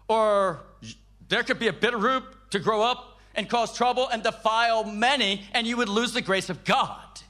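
Older male preacher, high, lively testimony read, emphatic with hushed low dips. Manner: emphatic, dropping to soft low tones. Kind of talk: personal testimony sermon.

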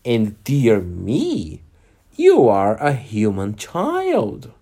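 A man voicing a gentle young fawn in a storybook read-aloud, speaking softly and sweetly. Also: fairly low pitch, wildly swooping pitch, very slow, breathy edge, heavily acted. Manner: soft, sweet.

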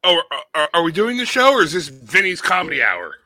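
Lively, bright-voiced male podcast co-host. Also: fairly high pitch, brisk, no room sound, rough recording. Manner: animated, sarcastic, profane. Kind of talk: casual chat.

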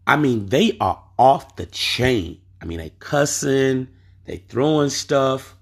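A man's voice: mid-range voice, sing-song, measured pace, creaky, slightly rough. A man hosting a podcast, telling a story in a casual monologue and pressing his point with rhetorical questions. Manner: emphatic, asks rhetorical questions. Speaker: podcast host.

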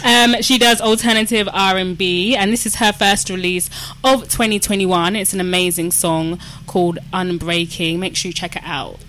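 A woman's voice: on the low side, steady tone, normal speed, a bit bright. A woman hosting a casual podcast interview, chatty, playful and encouraging. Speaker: podcast host.

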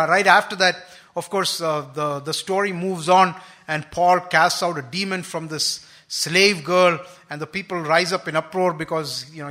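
A man preaching a sermon, explaining scripture in an unhurried, thoughtful way with frequent pauses and restarts. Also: on the high side, sharp tone.

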